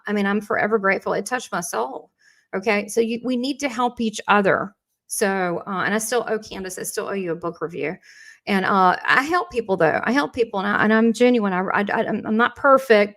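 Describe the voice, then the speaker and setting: A woman's voice: medium pitch, a bit bright. Brief: woman host of a live spiritual lesson, chatty and unscripted, rambling with asides, motivational. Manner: rambling and conversational, with frequent restarts and asides; encouraging, motivational.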